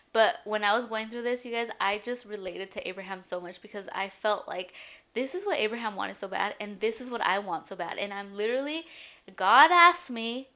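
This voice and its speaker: A young woman with a bright, clear voice tells a personal faith story in a rambling, chatty vlog style, peppering it with "you guys" and "like." She sounds shaky and tearful, caught between laughing and crying. Soft music plays faintly behind her. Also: medium pitch. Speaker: boutique owner sharing a faith testimony. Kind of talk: emotional personal testimony vlog.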